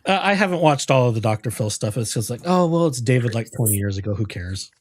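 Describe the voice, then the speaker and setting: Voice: medium pitch, lively intonation, fast talker, dry recording. A stream co-host chatting casually and animatedly, slipping into mocking asides. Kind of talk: casual chat.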